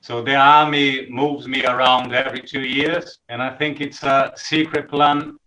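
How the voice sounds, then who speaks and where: Man, non-native English accent, bright tone, casual church update, dry humor. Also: medium pitch, flat delivery, a little slow, echoey room, rough recording. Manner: chatty, self-deprecating humor. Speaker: church member giving an update. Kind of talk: casual livestream talk.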